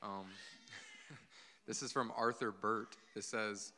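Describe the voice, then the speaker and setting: A man's voice: on the low side, steady tone, slow pace, pauses often, bright, forceful tone. A man in the congregation sharing a thought hesitantly and reading out a quote. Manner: hesitant, reads a quote aloud. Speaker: congregation member. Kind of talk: sharing in a church meeting.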